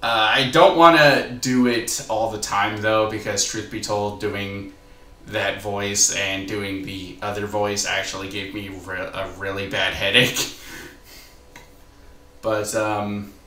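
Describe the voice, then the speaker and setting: A man talks through a casual video review at an unhurried pace, rambling and filling gaps with ums. His voice is bright and forward. The sound bounces around a roomy space, as if the mic sits some distance away. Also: lowish voice, steady tone. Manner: rambling with many fillers and profanity. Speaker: movie reviewer. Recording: echoey room, mic at a distance.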